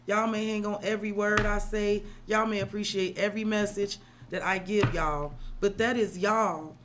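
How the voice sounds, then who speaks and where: On a live stream, a woman tarot reader speaks openly and emotionally to her viewers, swearing freely and addressing them directly as "girl" and "sis." Her voice is mid-range, with slight background noise.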